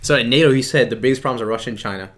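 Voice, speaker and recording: A man co-hosting a casual political commentary show, emphatic and quick to interrupt. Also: medium pitch, very noisy. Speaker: podcast co-host.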